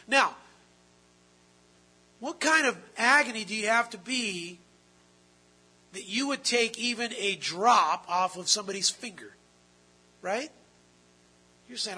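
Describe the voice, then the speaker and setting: Male preacher, husky and high-pitched, dramatic shifts between hush and emphasis. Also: moderate pace, pauses often, poor audio. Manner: dramatic swings between quiet and loud. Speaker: pastor. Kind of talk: sermon.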